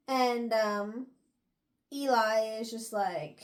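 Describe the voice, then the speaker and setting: A woman's voice: on the high side, slow pace, long pauses. A young woman giving a casual book recap as a podcast host, chatty and full of laughs.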